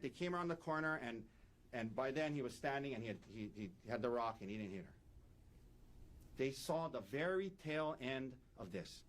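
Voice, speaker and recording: A male defense attorney delivers an opening statement in a courtroom. His voice sits a little high and swings widely as he stresses each point, repeating the key facts for emphasis.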